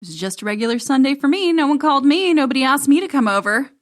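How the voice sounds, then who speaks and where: A woman's voice: high voice, animated, fast talker, pitched above the performer's own voice. A woman mimicking a mopey, neglected middle-aged woman. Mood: sulky.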